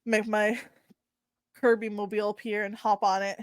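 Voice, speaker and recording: A woman's voice: mid-range voice, flat delivery, dry recording. A woman playing a superhero in a tabletop game, quipping playfully and laughing. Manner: playful, quick quips, laughs. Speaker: player. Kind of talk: casual tabletop role-play.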